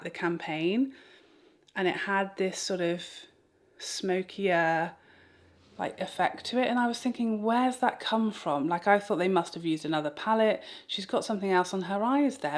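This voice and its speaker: A woman vlogging a makeup tutorial at home, chatty and self-mocking as she talks straight to her viewers. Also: on the low side. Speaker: beauty vlogger. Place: home room with a fan.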